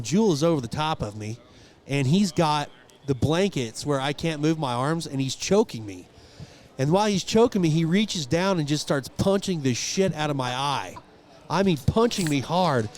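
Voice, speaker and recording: Animated joking male rodeo podcaster. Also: on the high side, normal speed. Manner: animated joking storyteller, acts out quotes. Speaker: podcast co-host. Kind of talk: casual storytelling chat. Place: outdoors at a rodeo.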